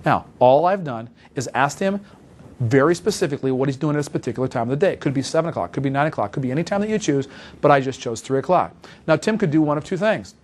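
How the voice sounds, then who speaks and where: A man giving an instructional talk as a sales trainer, brisk and emphatic, often repeating points for stress. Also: fairly high pitch, lively intonation, darkish tone. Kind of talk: instructional talk with role-played phone calls.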